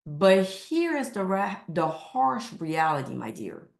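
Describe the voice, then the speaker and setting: A woman's voice: on the low side, very animated, takes it slowly, gravelly, reverberant. A woman weight loss coach speaking to camera with emphatic, repeated motivational lines.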